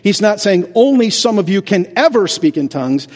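Casting: male pastor, high voice, animated sermon delivery, rhetorical, long church reverb. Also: normal speed. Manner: animated, rhetorical questions, acts out doubters. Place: church sanctuary. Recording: reverberant large hall.

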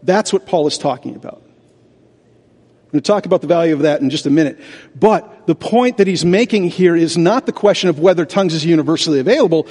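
Casting: male pastor, high voice, animated sermon delivery, rhetorical, long church reverb. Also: fairly quick, breathy edge. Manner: animated, rhetorical questions, acts out doubters. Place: church sanctuary. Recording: reverberant large hall.

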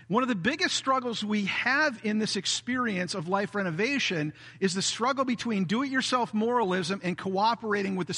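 Man, pastor, sermon, high bright voice, long hall reverb. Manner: earnest preaching with brief acted quotes of a self-righteous voice.

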